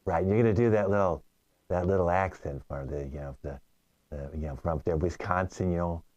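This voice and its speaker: A man's voice: deep voice, a little fast, darkish tone, no echo, muffled recording. A man hosting a live improv show, calling out prompts and directions to performers. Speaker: improv host and side-coach. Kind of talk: coaching improv scene.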